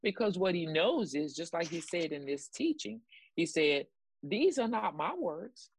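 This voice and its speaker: In a lowish, sing-song voice that is a little slow and slightly rough, a female ministry co-host delivers preaching commentary. She is emphatic and repetitive, exclaiming praise and encouraging those listening.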